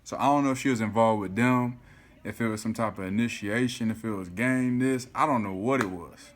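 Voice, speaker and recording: Animated man telling a story. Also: lowish voice, fairly quick. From South Florida. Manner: animated, swears often, keeps saying "you feel me". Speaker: vlogger. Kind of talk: casual storytelling to camera.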